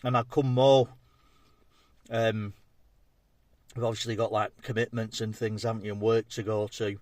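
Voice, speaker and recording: A man's voice: fairly low pitch, little pitch movement, moderate pace, darkish tone, dry recording. A man, chatting casually as he tastes and reviews food on his vlog. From England. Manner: chatty, matey, talks between bites. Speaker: food vlogger.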